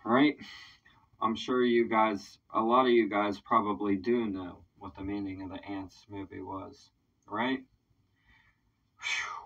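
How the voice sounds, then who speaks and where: A man hosting a casual reaction video, excitable, swearing freely and leaning on "like" as he thinks aloud. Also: lowish voice, slow, pauses often. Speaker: reaction video host, independent artist. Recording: dull sound, slightly distant mic.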